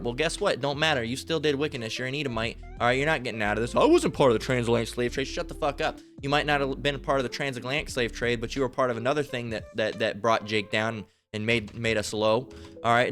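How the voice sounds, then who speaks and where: A man with a medium-pitched, fairly bright voice preaches like a street preacher, delivering a fiery, profane sermon. He reads scripture aloud and keeps breaking off with asides of "all right?"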